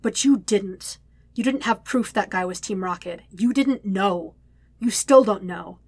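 Reading an audiobook, a woman voices a stern young man who defiantly stands his ground, snapping back firmly and refusing to back down. Her voice is medium-pitched and a little mellow, at a measured pace, in a dry recording.

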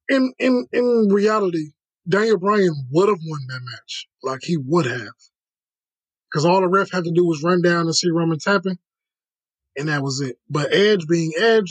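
A man hosting a casual podcast, moving the conversation along and recapping what happened. His voice is a bit higher than most men's and sounds dry and close, with no room echo. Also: slightly rough.

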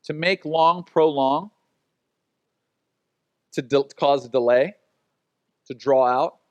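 A man's voice: medium pitch, slow pace, no room sound, muffled recording. A man preaching as a pastor in a casual, conversational way, acting out quotes and laughing at his own stories. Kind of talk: sermon.

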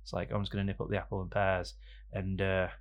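Male podcast host, casual studio banter, low and gravelly. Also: level tone, quick pace. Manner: joking, rambling banter with sudden loud bursts. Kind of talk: casual chat. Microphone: studio microphone.

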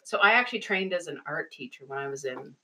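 A young adult woman co-hosting a podcast, telling animated classroom stories with frequent laughter. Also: deep voice, fast, poor audio. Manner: animated storytelling, laughs often, acts out kids' voices. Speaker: podcast co-host. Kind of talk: casual chat.

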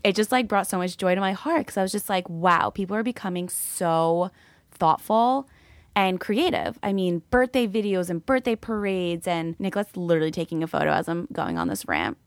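A woman's voice: on the low side, lively intonation, normal speed, dry recording. A woman in her twenties co-hosting a podcast, chatting casually and bubbly, often laughing and saying "like". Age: 20s. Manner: bubbly, giggly, says "like" often. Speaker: podcast co-host. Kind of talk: casual chat.

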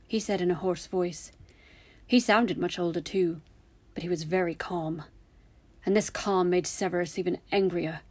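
Woman storyteller, low husky voice, steady narration. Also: normal speed. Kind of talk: story reading.

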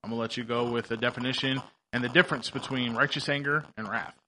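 A man's voice: medium pitch, fairly even intonation, fast talker, sharp tone, slight background noise. A man hosting a faith podcast, chatting casually in an upbeat, rambling way with many fillers and restarts. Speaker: podcast host.

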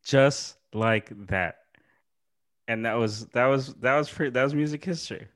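A male podcast host reacting to a documentary in casual chat, with a mid-pitched voice. He gets excitable, laughs a lot and swears freely. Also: fast.

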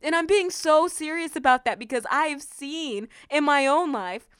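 A woman hosting a devotional podcast, reading scripture softly and then preaching with fervent, emphatic exclamations. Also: sits high, no room sound, clean studio sound. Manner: reads scripture slowly and softly.

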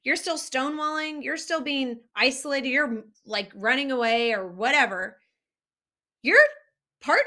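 A woman's voice: high voice, a little slow, bright, forceful tone. A woman coaching couples, talking earnestly and directly to the listener about healing a marriage. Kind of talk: direct-to-camera advice talk.

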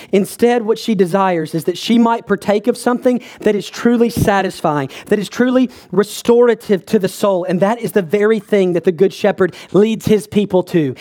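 A man preaching a sermon as a pastor, earnest and measured, building emphasis on repeated phrases. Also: sits high, warm tone.

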